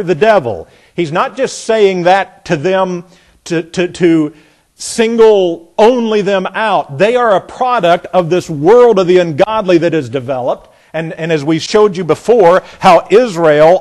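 A male preacher giving a sermon, reading scripture aloud and commenting on it, at times laughing and swinging between loud bursts and near-quiet asides. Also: sits high. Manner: reads scripture aloud, then comments with sudden bursts and drops in volume.

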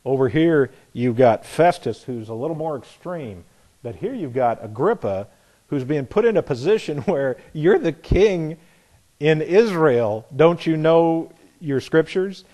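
A man's voice: fairly high pitch, animated, a little slow, mellow. A man preaching a sermon, reading scripture aloud and explaining it in a conversational way. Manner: conversational, reads scripture then comments. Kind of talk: expository sermon.

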